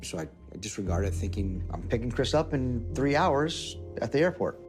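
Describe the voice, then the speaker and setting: A man's voice: medium pitch, very animated, normal speed. A man in an interview retelling events vividly, acting out the dialogue. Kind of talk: emotional personal recollection. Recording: music bed under voice. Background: music.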